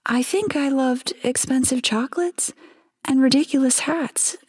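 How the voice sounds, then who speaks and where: Brief: woman doing a wistful, forgetful young captive wife in an audio story; higher, breathy, hesitant. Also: measured pace, darkish tone, long reverb tail. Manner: hesitant, dreamy.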